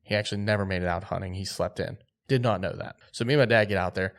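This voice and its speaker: A man telling a hunting story on a podcast, animated and acting out quotes. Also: low voice, fast. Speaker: podcast host.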